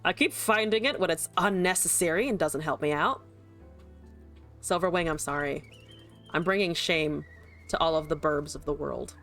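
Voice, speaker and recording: Soft music plays behind this woman's deep, fairly bright voice, which moves at normal speed with frequent pauses. Streaming a card game, she keeps up casual commentary, talking to chat, cursing, and laughing a lot.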